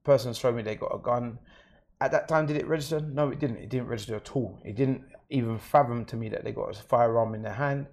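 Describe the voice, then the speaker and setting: Talking fast in a medium-pitched voice, a man with a London accent recounts his personal experience as an interview guest. He keeps it plain and matter-of-fact.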